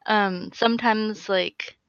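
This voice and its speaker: A woman's voice: medium pitch, slow pace, clear, resonant tone, no echo. A woman guest chatting casually in an interview, telling stories with lots of filler words. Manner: chatty, filler-heavy, animated storytelling. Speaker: guest cosplayer. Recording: dull lo-fi audio.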